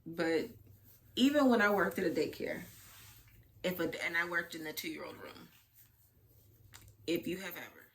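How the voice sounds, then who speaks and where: A young woman co-hosting a relaxed conversation, with a voice a touch lower than most. She teases playfully and tells lively stories. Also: measured pace, vocal fry, long pauses, slight background noise. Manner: playful, teasing, storytelling. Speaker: podcast co-host. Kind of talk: casual chat.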